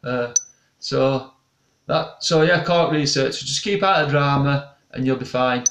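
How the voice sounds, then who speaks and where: A young man who investigates the paranormal and hosts a channel chats casually with viewers and reads their comments in a live stream. His voice is medium-pitched, a bit bright, and measured in pace, and he rambles and restarts often, recorded from a distant mic in an echoey room.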